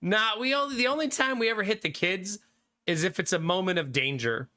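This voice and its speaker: With a high, bright, forceful voice and lively intonation, a man in his thirties streams a game. He talks fairly quickly, chatting casually and reading live chat. He laughs a lot and swears freely.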